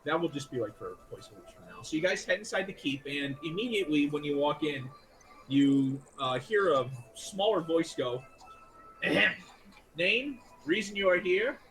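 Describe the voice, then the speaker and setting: A man's voice: fairly high pitch, animated, a little hiss or hum, rough recording. A man running a tabletop game as game master, narrating casually with restarts. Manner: casual, loose, with restarts and quick figure voices.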